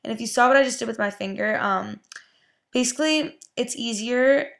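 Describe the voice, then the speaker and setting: Chatty young woman with vocal fry. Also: fairly high pitch, normal speed, a bit bright. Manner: chatty, lots of "like" and "um". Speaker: beauty vlogger. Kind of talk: casual hair tutorial.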